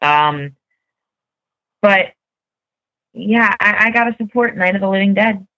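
A woman's voice: medium pitch, measured pace, sharp tone. A woman on a casual podcast panel, talking in a hesitant way with many fillers. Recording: dull lo-fi sound.

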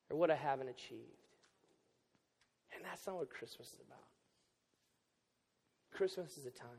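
A man's voice: a little high, darkish tone, big-room sound. A man preaching a sermon as pastor, joking and self-deprecating, then candid. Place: church auditorium.

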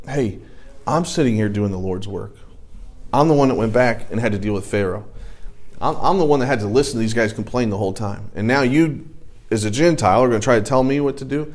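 A man's voice: mid-range voice, a little mellow. Man teaching a church Bible class. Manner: conversational, anecdotal, sidetracked storytelling with rising emphasis.

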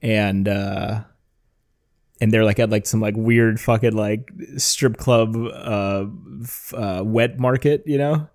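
A man with a lowish voice chats casually as a podcast host. He rambles, restarts his sentences and swears constantly. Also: steady tone, slow pace, a little mellow. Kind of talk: casual profane chat.

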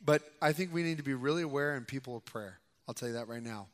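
A young adult male pastor giving a conversational sermon in a church sanctuary, who grows louder and more emphatic when he reads scripture aloud. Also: medium pitch, quick pace. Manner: conversational preaching, rising loud for scripture reading. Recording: long hall reverb.

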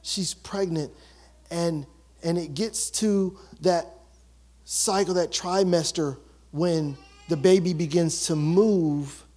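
A man preaching a sermon as pastor, emotional and building to excited shouts. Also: a little high, takes it slowly.

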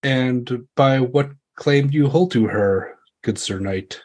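GM playing a formal, haughty rival knight, mid-pitched male voice. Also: slow, a little mellow. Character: stiff, proud male knight, rival suitor.

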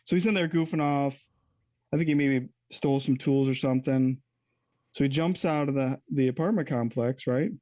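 Candid rambling man with a mellow voice. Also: medium pitch, normal speed, dry recording. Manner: candid, rambling, self-correcting. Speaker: interview guest. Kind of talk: casual personal storytelling.

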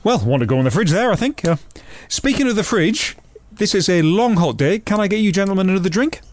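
A man's voice: high voice, expressive, fairly quick. A man co-hosting a podcast, mixing wry casual chat with scripted narration. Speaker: podcast co-host. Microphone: studio mic.

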